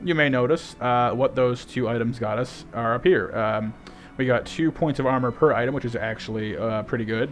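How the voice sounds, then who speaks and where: A man narrating his own gameplay in a loose, chatty way, thinking aloud and joking at his own expense. His voice sits at an ordinary middle pitch. Game music plays clearly underneath. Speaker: gaming YouTuber. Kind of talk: casual let's-play commentary.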